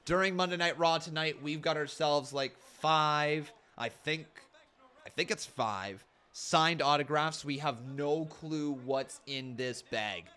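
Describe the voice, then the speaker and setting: A man hosting a live watch-along stream, giving running commentary and talking straight to his viewers. His voice sits a bit high and sounds bright and forward. He keeps it upbeat and laughs often. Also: takes it slowly, clean tone. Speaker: host.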